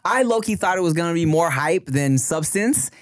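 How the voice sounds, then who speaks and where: A man's voice: on the high side, animated, moderate pace, no echo. A man co-hosting a podcast in casual chat, talking laid-back and full of slang, laughing often, on a studio mic. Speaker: podcast co-host.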